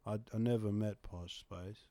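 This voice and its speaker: A man voicing a dreamy young male pop singer who muses softly and haltingly. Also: lowish voice, fairly even intonation, no echo, lightly acted.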